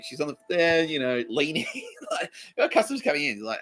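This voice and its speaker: A man's voice: a little high, moderate pace, rough recording. An Australian man hosting a comedy podcast, telling rambling stories full of swearing and laughter. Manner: profane, laughing, animated rants. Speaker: podcast host.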